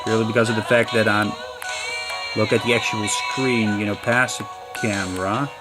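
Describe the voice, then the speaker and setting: A man's voice: on the low side, steady tone, normal speed. A man giving casual, rambling let's-play commentary, often apologizing and restarting his sentences, recorded on a camera mic aimed at a handheld console screen. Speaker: gaming channel host. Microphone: camera mic filming a handheld console screen. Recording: game music playing behind the voice.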